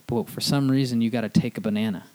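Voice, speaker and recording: A man's voice: mid-range voice, fairly even intonation, darkish tone. Joking podcast host man. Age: adult with a wife. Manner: joking, does quick impressions. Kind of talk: casual chat.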